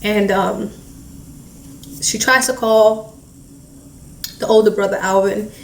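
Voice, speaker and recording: A woman recounting a painful family event in halting speech, with many fillers, acting out what relatives said. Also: medium pitch, fairly even intonation, creaky. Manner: halting, heavy filler "like", re-enacts relatives' words. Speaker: family member recounting a loss. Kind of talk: emotional personal storytelling. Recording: echoey room, distant mic, faint hiss.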